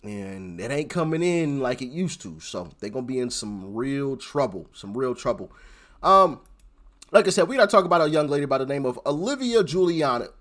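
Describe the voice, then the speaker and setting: A man's voice: mid-range voice, very animated, normal speed, fairly bright tone. A man hosting his own channel, talking informally and straight to his viewers in a casual reaction commentary.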